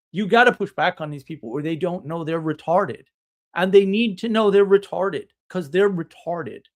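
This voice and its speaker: Blunt, scornful male live streamer. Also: on the high side. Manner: blunt, scornful, with sarcastic laughs. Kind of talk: casual ranting monologue. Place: home, drinking tea on stream.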